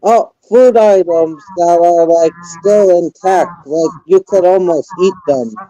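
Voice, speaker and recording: A man on a casual podcast chat, hesitant and halting with many fillers. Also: high-pitched, dark tone, no room sound, low-quality recording.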